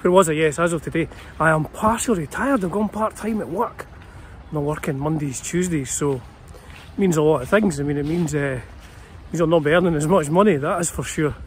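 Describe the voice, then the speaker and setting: A Scottish man in his fifties with a slightly raised pitch, rambling casually on a vlog. He talks outdoors in a small city park, with faint traffic noise behind him. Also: fairly quick. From Scotland. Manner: chatty and meandering, with many fillers and restarts. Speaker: guitar channel host.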